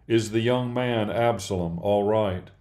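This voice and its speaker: A man's voice: on the low side, unhurried, mellow, lightly acted. A man reading the lines of a grieving old king in a subdued, mournful way. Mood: quiet.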